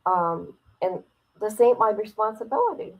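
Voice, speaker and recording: A woman's voice: mid-range voice, lively intonation, moderate pace, rough recording. Casting: woman livestreamer, blunt and profane, talks straight to her viewers and laughs as she vents. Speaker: streamer. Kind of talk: casual livestream chat.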